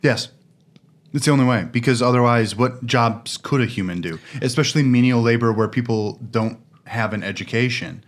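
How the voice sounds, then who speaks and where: A man's voice: mid-range voice, normal speed. A man co-hosting a podcast in casual chat, joking and explaining with confidence. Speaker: podcast co-host.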